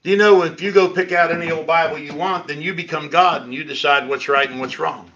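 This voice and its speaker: A male pastor delivers a sermon in a conversational, needling way, dropping sarcastic asides between points. His voice is bright and forceful. The sound comes through a dull, lo-fi church livestream. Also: fairly high pitch, fairly even intonation, fairly quick, slight background noise. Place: church sanctuary. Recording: lo-fi livestream audio.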